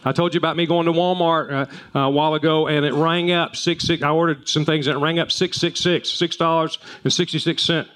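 A man's voice: on the high side, fairly even intonation, fairly quick, hardly any pauses, fairly bright tone, clean tone. A man preaching a sermon as pastor, telling folksy stories with frequent restarts. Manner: folksy storytelling with repeated restarts.

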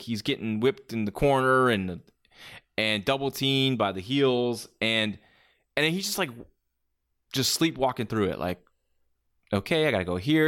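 Man, podcast host, opinionated casual chat, lively swooping pitch, rambling restarts. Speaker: podcast host reviewing wrestling.

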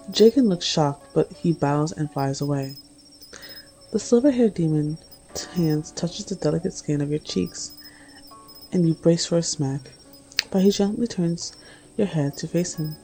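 A woman narrates a second-person romance story in a low, dark, gravelly voice. Her delivery is intimate and hushed, close and unhurried. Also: faint music behind, rough recording. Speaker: reader.

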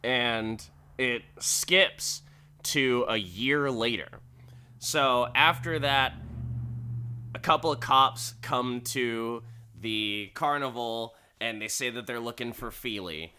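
A man's voice: medium pitch, sharp tone, clean tone. A man casually recapping a story, swearing freely and laughing at it. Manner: laughs often, swears, slow and wry.

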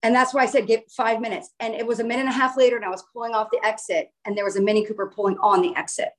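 A woman speaks with a slightly higher than usual pitch, telling a personal story straight to her audience. She rambles earnestly and often breaks off to restart a sentence. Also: flat delivery, racing, low-quality recording.

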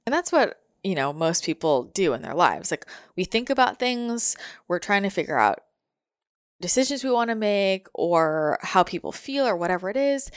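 A woman's voice: medium pitch, no echo, studio quality. A woman giving a casual, reflective motivational monologue, full of fillers like "like" and repeated phrases.

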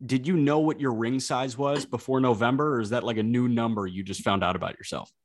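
A man hosting a podcast, relaxed in casual chat, asking questions and laughing along. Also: medium pitch, a little fast. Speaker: podcast host.

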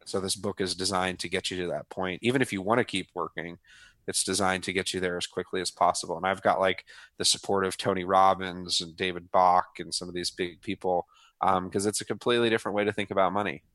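Thirties guy, low voice, dry close sound, casual and fired-up, slangy. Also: quick pace, no room sound. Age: 30s. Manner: energetic, laid-back, often says "man" and "dude". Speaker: guest author. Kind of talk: casual interview.

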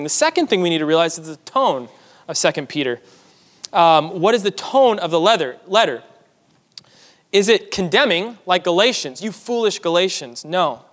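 Teaching his congregation in a conversational sermon, with asides directed at them, this pastor has a high-sitting, fairly bright voice. The church sanctuary gives the recording a long hall reverb.

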